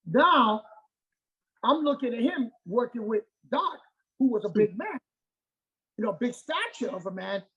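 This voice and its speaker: This martial arts master, a middle-aged man, has a very high, husky, slightly breathy and sharp voice with lively intonation, speaking at a measured pace with long pauses. Being interviewed casually, he repeats points for emphasis and keeps asking "okay?"; the sound is lo-fi.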